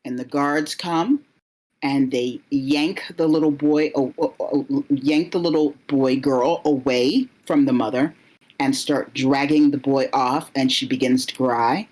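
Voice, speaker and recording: A woman narrating a story as she recounts a vision, halting and searching for words as she goes. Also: extremely low pitch, fairly even intonation, a little mellow, low-quality recording. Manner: halting, many fillers and restarts.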